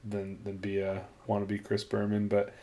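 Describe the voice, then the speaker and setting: A man's voice: on the low side, completely flat delivery, normal speed, mellow. A young man hosting a podcast, chatting casually, laughing often and swearing freely as he tells stories. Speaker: podcast host.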